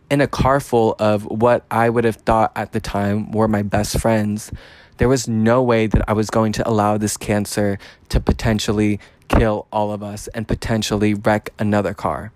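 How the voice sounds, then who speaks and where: A man hosting a podcast, telling a personal story in a casual monologue, blunt and profane, his voice rising in pitch when he gets fired up. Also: little pitch movement, moderate pace, a little mellow, no room sound. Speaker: podcast host.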